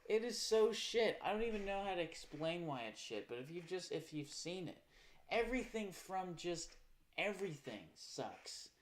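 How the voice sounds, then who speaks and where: A man's voice: sits high, big pitch swings, normal speed. A man chatting casually on a livestream in a profane, rambling rant. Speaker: live streamer.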